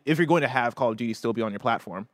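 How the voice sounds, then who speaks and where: Male co-host, mid-pitched, talkative and searching, dry close mic. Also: rapid-fire, dry recording. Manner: rambling, restarts, many fillers and tag questions. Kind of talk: casual gaming news chat.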